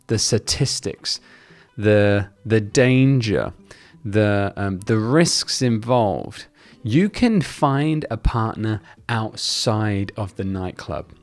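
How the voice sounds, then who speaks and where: A man's voice: fairly low pitch, no room sound. A man in his thirties, a Christian video host, giving earnest commentary to his viewers and reading aloud from scripture. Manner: earnest, persuasive. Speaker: Christian YouTuber.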